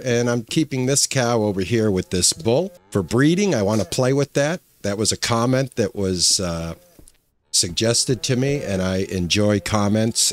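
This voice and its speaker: A man hosting his own channel, talking casually over his gameplay, rambling with many fillers and restarts. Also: fairly low pitch. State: emotional, choked up. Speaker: gaming channel host.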